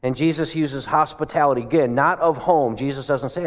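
Male pastor preaching, chatty storyteller, mid-pitched voice, lots of big hall echo. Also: quick pace, hardly any pauses. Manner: conversational storytelling, asks the congregation questions. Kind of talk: sermon. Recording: long hall reverb.

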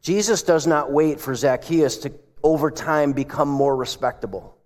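A man's voice: fairly high pitch, normal speed, a little mellow. A male pastor giving a sermon in a church, telling stories in a conversational way and asking the congregation questions. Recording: long hall reverb.

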